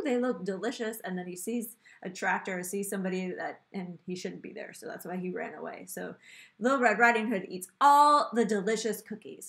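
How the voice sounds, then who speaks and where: Patient teacher reading a storybook aloud. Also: female voice, medium pitch, a bit bright. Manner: patient, explaining, repeats instructions. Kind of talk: reading a storybook aloud and giving instructions in an online class.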